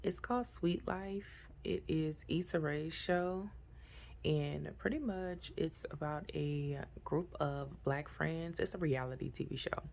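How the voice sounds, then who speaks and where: A woman's voice: deep voice, slow pace, gravelly, a little mellow, a little hiss or hum. A young woman vlogging in a casual, chatty way and telling stories with a lot of drama. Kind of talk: casual vlog chat.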